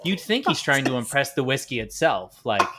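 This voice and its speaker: A man co-hosting a casual podcast, excitable and teasing, slipping into mimicry of his friends as he talks. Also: medium pitch, moderate pace, background noise. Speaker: podcast co-host, furniture maker.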